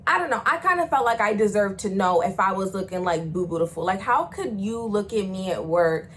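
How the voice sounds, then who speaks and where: Animated young woman telling a storytime. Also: mid-range voice, brisk, slight background noise, poor audio. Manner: animated, acts out the voices of people she quotes; swears freely, slangy and chatty. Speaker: vlogger. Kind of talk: casual storytime vlog.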